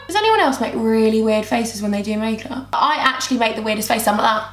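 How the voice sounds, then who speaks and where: Bubbly high-voiced woman vlogger. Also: brisk, few pauses, slight background noise. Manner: bubbly, rambling, talks to herself and her camera. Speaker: beauty vlogger. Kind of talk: chatty makeup tutorial. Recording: roomy echo.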